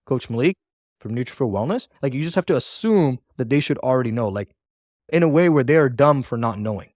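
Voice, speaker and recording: A man's voice: medium pitch, expressive, a little fast, a little mellow, no room sound. A man coaching new callers in a recorded training lesson, talking casually and repeating himself to drive points home. He acts out sample phone lines, lifting and dropping his tone to show the difference. The sound is dry and close, with no room around it. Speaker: sales trainer.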